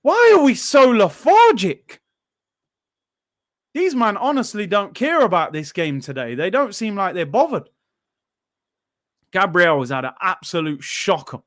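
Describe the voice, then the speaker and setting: Young man, high-pitched, football watchalong host, animated, frustrated, shouting outbursts. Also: normal speed. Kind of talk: live match reaction.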